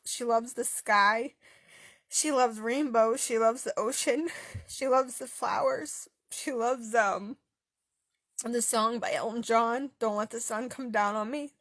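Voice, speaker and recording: A young woman telling a personal story through tears, halting and stopping often with fillers and pauses. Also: a little high, fairly bright tone, no room sound, clean studio sound. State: tearful, voice breaking. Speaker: author sharing a personal story. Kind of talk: emotional personal testimony.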